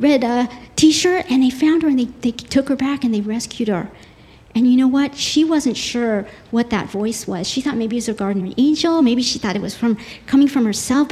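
A woman giving a devotional talk, retelling a dramatic story in an earnest, animated way with frequent restarts, then quoting scripture. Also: sits high. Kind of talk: storytelling sermon.

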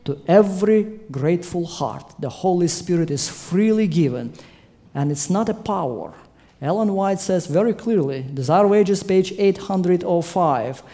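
Emphatic, warm-voiced male preacher. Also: high-pitched, expressive, unhurried. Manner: emphatic, swelling to loud climaxes. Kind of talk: sermon.

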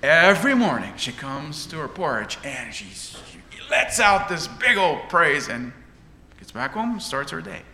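A man preaches with dramatic swells, his pitch leaping and dropping through the sermon. His tone is bright and ringing. A long reverb follows him around a church hall, with a faint hum of ambience behind. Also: big pitch swings, a little slow. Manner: dramatic, rising and falling delivery.

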